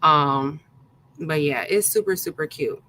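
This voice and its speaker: A woman with a lowish voice hosts a live craft stream, talking loosely and warmly to her chat and reading off viewers' names one after another. Her talk is relaxed and full of little fillers and restarts. A faint hiss of background noise sits under her voice. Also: a little slow, poor audio. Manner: chatty, greets viewers by name, many fillers. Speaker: craft tutorial host.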